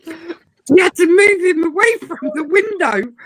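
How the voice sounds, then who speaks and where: High-voiced woman telling stories. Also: unhurried, rough recording. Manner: animated storyteller, mimics a swearing parrot. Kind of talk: casual chat.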